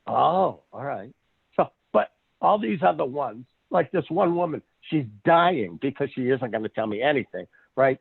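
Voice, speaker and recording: Over a dry, tinny phone line with no room sound, this man speaks at medium pitch and normal speed, his voice creaky and slightly rough. He's a psychic medium guesting on a podcast, spinning stories in a lively, casual way full of restarts and frequent laughter.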